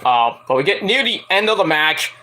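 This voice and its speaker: A man's voice: fairly high pitch, sing-song, normal speed, pushed and bright. A man giving a casual, rambling spoken review with lots of fillers and swearing. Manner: rambling, profane, with many fillers. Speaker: wrestling show reviewer.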